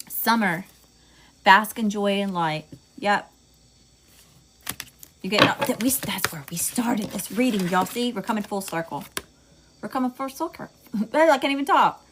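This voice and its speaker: A Southern US woman gives a casual tarot reading, chatting with her audience, swearing freely, saying y'all a lot and laughing at herself. Her medium-pitched voice is measured, with long pauses, against a noisy background.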